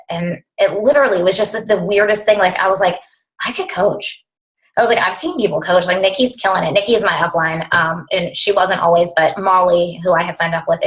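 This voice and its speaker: A woman's voice: on the low side, poor audio. A young woman coaching her team over a video call, talking bluntly and with lots of fillers. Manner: blunt, animated, filler-heavy.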